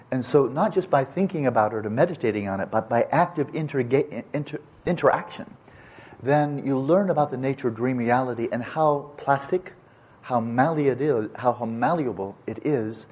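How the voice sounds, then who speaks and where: Husky older man teaching meditation. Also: medium pitch, a little mellow. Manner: digressive, repeats and restarts words, playful asides. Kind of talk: unscripted dharma teaching.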